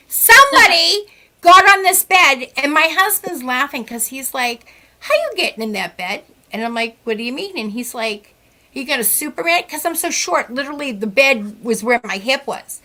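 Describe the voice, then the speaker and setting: Bright high-voiced woman telling stories. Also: fairly quick. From Central West Massachusetts. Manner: animated, acts out quoted dialogue with sighs and laughs. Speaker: psychic medium guest. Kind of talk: casual storytelling chat. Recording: podcast interview.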